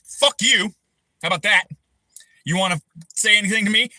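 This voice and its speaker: A man in his thirties hosting a livestream, ranting angrily and profanely, breaking into shouted bursts. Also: sits high, normal speed, dry recording, poor audio. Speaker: livestream host. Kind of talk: angry personal rant on a livestream.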